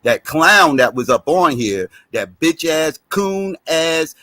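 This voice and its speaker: A man's voice: a little high, lively intonation, slow, sharp tone, dry recording. A man on an online panel indignantly defending himself, swearing. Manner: indignant, profane. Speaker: panel guest. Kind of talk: heated casual debate.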